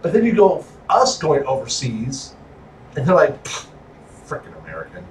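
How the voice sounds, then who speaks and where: A man hosting a casual wrestling podcast, joking and animated. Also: a little slow, slight background noise. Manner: animated, joking, pitch jumping around. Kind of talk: casual chat. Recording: echoey room, mic at a distance.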